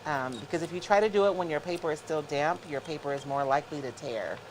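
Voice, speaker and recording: Chatty low-voiced woman demonstrating crafts. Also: fast, a little hiss or hum, low-quality recording. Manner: chatty, explains step by step to viewers. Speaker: craft show host. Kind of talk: casual live craft demonstration.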